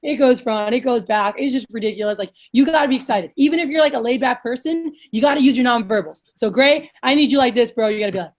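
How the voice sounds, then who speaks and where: A woman coaching sales managers in a blunt, energetic, casual way, swearing now and then and acting out lively sales pitches, heard over a video call. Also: fast, few pauses.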